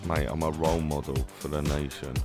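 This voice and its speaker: A man's voice: extremely low pitch, level tone, fairly quick, music in the background. A man with a Cockney accent co-hosting a podcast, laid-back and dry-humoured. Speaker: podcast co-host. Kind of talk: casual podcast banter.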